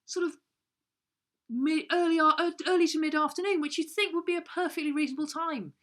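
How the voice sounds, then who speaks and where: A woman's voice: sits high, steady tone, brisk, a bit bright. A woman co-hosting a home lesson, telling a rambling, mock-serious comic story in a playful way. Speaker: co-host of a comedy kids' lesson.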